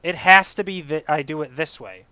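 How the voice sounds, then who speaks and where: A young man with a high, bright voice talks through a frustrating game, sliding from muttered planning into furious swearing and yelling. His voice is smooth and clear, and the recording is dry with no room sound. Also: normal speed, no room sound. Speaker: gamer playing a climbing game. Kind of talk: let's play commentary.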